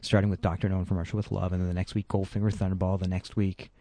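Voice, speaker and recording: Low dark-voiced man from Quebec chatting. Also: level tone, rapid-fire, no room sound. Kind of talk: casual group commentary.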